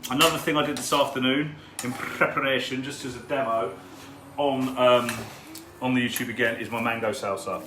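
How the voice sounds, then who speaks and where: A cooking show host chats casually through a live cook-along in his home kitchen, greeting viewers by name as he cooks. His mid-range voice keeps a fairly even intonation at a normal speed, with background noise in the echoey kitchen and the sizzle of frying.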